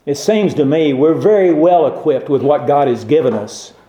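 A male preacher delivering a sermon in a warm, mellow voice, emphatic and throwing rhetorical questions to his listeners. The sound is roomy and echoey. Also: fairly high pitch, moderate pace. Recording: roomy echo.

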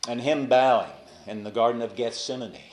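A man preaching a sermon with passion, dropping to a hush on key phrases and rising to raised emphasis. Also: medium pitch, fairly even intonation, normal speed. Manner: impassioned, swings from hushed to raised emphasis. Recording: echoey room.

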